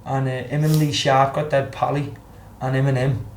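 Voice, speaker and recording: A man's voice: mid-range voice, little pitch movement, moderate pace, a little hiss or hum. Scouse man telling football stories. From Liverpool, England. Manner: swears freely, acts out quotes. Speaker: podcast guest, former footballer. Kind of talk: casual storytelling. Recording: roomy with faint background ambience.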